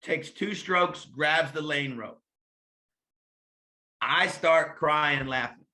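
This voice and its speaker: A man with a bright, forceful voice, chatting as a swim coach in an interview. He tells loose, animated stories and slips into bits of dialogue as he goes. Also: fairly high pitch, very slow. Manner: lively anecdotes, acts out dialogue. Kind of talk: casual interview storytelling.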